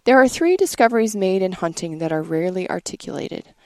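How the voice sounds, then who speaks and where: This woman reads in a measured, earnest way with a low voice and a gravelly edge. The sound is close and dry, with no room behind it. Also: very animated, no echo. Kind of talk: scripted reading.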